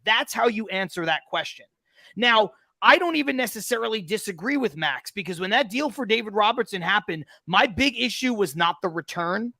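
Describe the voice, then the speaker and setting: A man's voice: sits high, animated, moderate pace, gravelly, bright, forceful tone, no room sound. A man co-hosting a sports podcast, making emphatic, argumentative points in opinionated sports talk. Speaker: podcast co-host.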